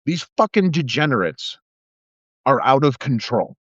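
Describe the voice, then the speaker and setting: A man's voice: mid-range voice, big pitch swings, unhurried, fairly bright tone, no echo. A middle-aged man and former police officer hosting a live video, delivering a profane, sarcastic political rant. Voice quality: profane, sarcastic, mocking put-on voices. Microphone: phone or webcam on a live video. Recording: dull dry sound.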